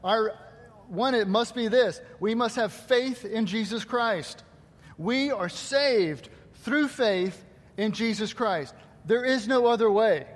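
A male pastor preaching a sermon to his congregation, asking rhetorical questions and quoting scripture. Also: high voice. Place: church hall. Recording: long hall reverb.

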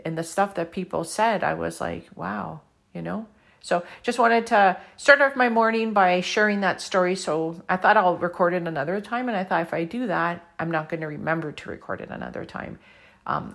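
A middle-aged woman from Canada telling a personal story with deep emotion, earnest and encouraging, her mouth dry. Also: vocal fry, fairly bright tone. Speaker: author and speaker sharing a personal story.

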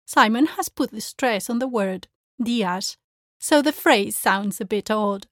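A woman language teacher giving a pronunciation lesson, speaking clearly and carefully as she demonstrates sounds. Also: mid-range voice, unhurried, a bit bright, no echo, studio quality.

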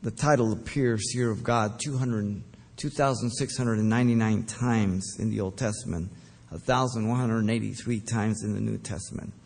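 A man preaching verse by verse, deliberate and emphatic, with occasional fillers. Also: on the low side, steady tone, gravelly, darkish tone. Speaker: pastor. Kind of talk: verse-by-verse Bible teaching.

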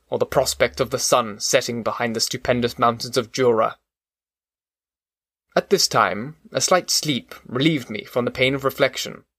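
Steady male audiobook narrator, dry close sound. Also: medium pitch, dry recording. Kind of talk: scripted narration of a classic novel.

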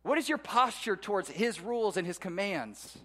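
A man preaching a sermon to his congregation, animated, with rhetorical questions and swings between soft low tones and loud emphatic peaks. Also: moderate pace. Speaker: pastor.

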